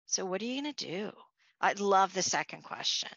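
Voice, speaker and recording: Bright-toned woman giving a leadership talk. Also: medium pitch, animated, moderate pace, creaky, dry recording, highs cut off. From Long Island, New York. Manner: conversational, restarts, storytelling asides. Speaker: leadership speaker.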